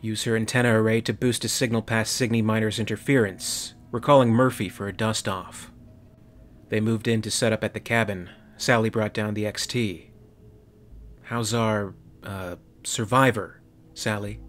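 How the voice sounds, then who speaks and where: A man's voice: fairly low pitch, fairly even intonation, normal speed, slight background noise. A man narrating a sci-fi story in a dramatic storytelling manner. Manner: dramatic storytelling, voicing every character. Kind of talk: audiobook fan fiction reading.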